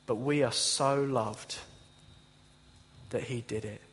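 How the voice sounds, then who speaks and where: Man, pastor, impassioned sermon, husky voice, long hall reverb. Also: mid-range voice, fairly even intonation, slow, a bit bright. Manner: impassioned preaching, direct address to listeners. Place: church.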